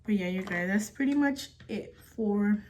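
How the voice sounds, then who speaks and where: A woman's voice: medium pitch, moderate pace, a little mellow, slight background noise. Chatty young woman vlogger. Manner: chatty, filler-heavy, swears casually. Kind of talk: casual storytelling while doing makeup.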